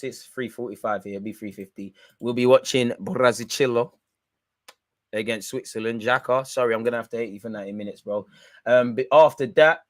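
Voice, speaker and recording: A man's voice: medium pitch, no echo, clean studio sound. A young man hosting a football watch-along, bantering and mocking in slangy casual chat. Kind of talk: casual live match reaction.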